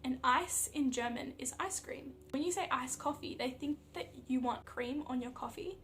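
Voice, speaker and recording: A young Australian woman, an athlete vlogger, chatting casually to camera in an animated storytelling way, full of fillers. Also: high-pitched, normal speed, slight background noise.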